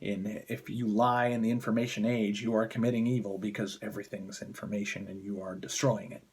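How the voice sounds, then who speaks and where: A man's voice: on the low side, little pitch movement, brisk, husky. A man ranting as a political commentator in a vlog, heated, contemptuous and swearing constantly. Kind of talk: angry political rant vlog.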